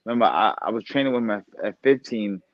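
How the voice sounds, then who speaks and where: A boxer talking casually as a podcast guest, animated and profane, often laughing. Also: male voice, fairly low pitch, fast, dry recording, muffled recording. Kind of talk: casual interview talk.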